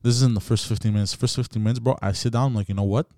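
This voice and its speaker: A man in a casual podcast chat, rattling off a crude, animated story at a quick clip. He leans on "bro" constantly and swears freely, and his voice sits close and dry on the mic. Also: medium pitch, no echo. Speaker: podcast host.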